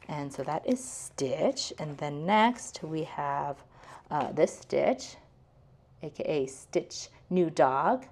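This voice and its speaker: A woman talking through a casual language lesson in a low, gravelly voice. She is chatty and unhurried, breaking words apart and explaining each piece. She fills her pauses with soft ums and likes. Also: expressive. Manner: chatty, explains word by word, many fillers. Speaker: host.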